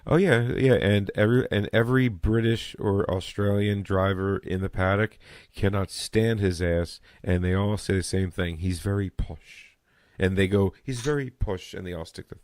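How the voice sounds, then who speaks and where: Deep-voiced American man, fast casual chat. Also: level tone, darkish tone, no echo. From United States. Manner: rapid, stammering restarts, swears casually. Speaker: podcast host.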